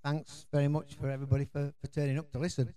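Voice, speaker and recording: A man's voice: a little high, flat delivery, fast, dark tone. A middle-aged man with a Yorkshire accent gives a chatty, rambling conference talk full of restarts and fillers. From Yorkshire, England. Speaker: conference speaker.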